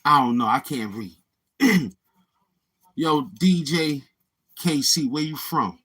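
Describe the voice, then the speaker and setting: Man, Brooklyn accent, middle-aged, husky, streetwise slang, livestream host talking to chat. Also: a little high, lively intonation, takes it slowly, fairly bright tone. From Brooklyn, New York. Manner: streetwise slang, repeats himself, talks to chat.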